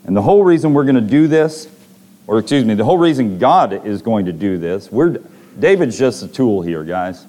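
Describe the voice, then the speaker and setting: A man's voice: on the low side, expressive, moderate pace, warm tone. A man preaching a sermon to a congregation, reading scripture and retelling stories with dramatic voiced quotes.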